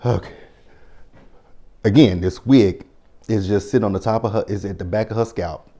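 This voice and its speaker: A young man giving sassy, animated commentary in a casual chat, telling a story with mock voices. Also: on the low side, moderate pace. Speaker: commentary host.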